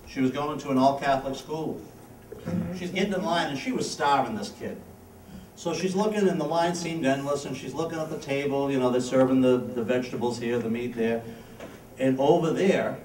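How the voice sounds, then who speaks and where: A man's voice: mid-range voice, a little mellow, a little hiss or hum. A man entertaining at a senior center party, telling jokes in a chatty storytelling manner and chuckling at his own punchlines. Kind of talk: live stand-up joke telling. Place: large hall at a senior center. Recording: echoey hall, distant mic, music. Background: music.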